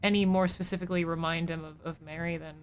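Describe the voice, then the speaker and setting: A woman's voice: fairly low pitch, little pitch movement, fast, a little hiss or hum. A woman streamer giving casual live commentary as she plays a game, chatty and joking as she thinks aloud.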